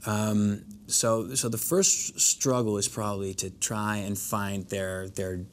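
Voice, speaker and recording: Thirties actor guest, general American accent learned from a coach, lower pitch, restarts often. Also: male voice, little pitch movement, slight background noise. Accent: general American, trained. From Netherlands. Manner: thoughtful, halting, many restarts. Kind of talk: interview conversation.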